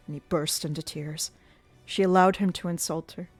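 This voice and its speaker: A woman narrating a classic novel aloud in a measured, dramatic reading style during a live stream. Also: fairly low pitch, steady tone, no room sound, soft background music. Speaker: audiobook reader.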